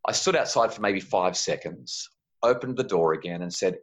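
A man, telling a parenting story in a gentle, calm way on a podcast. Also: mid-range voice, quick pace, lo-fi sound. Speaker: parenting guest.

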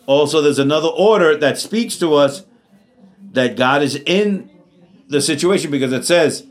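Earnest man preaching a sermon. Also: fairly high pitch. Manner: earnest, repeats phrases for emphasis, calls out amen. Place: church.

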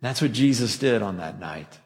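A man's voice: lowish voice, animated, normal speed, darkish tone. Man preaching in a reverberant hall. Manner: conversational preaching with self-deprecating jokes. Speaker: pastor. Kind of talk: Christmas sermon. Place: church sanctuary with a masked congregation.

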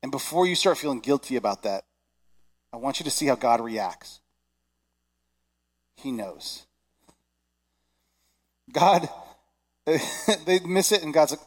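A man, probably in his thirties, preaching a sermon in a conversational, animated way, acting out little voices. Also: mid-range voice, slow, pauses often. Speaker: pastor.

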